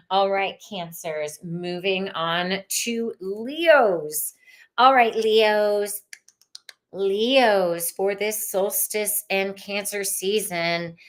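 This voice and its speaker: A woman hosting a livestreamed tarot reading, chatty and expressive, greeting viewers in the chat as she pulls cards. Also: mid-range voice. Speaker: tarot reader.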